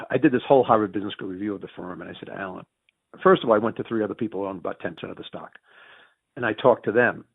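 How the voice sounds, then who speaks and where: Here a gravelly-voiced interview guest with a Northern US Yankee accent tells stories conversationally, dramatizing quoted lines with big pitch swings. He restarts and repeats words frequently. The sound is tinny and phone-like, dry with no echo.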